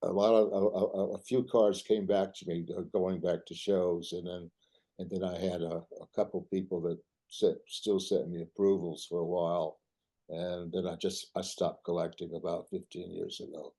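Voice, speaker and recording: An older man giving a talk, reminiscing in a halting way full of restarts. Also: sits low, flat delivery, mellow, husky. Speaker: artist giving a club talk.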